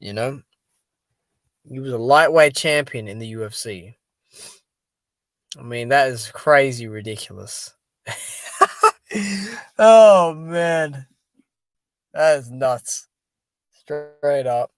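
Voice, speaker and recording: A tired, sleepy man chatting casually on a live stream, reacting out loud and reading viewer comments. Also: mid-range voice, animated, slow, long pauses, dry recording. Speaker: boxing stream host.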